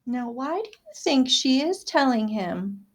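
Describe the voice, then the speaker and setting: Woman, high voice, school staff, children's storytime read-aloud, expressive, asks questions. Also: unhurried. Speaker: school staff reading to students.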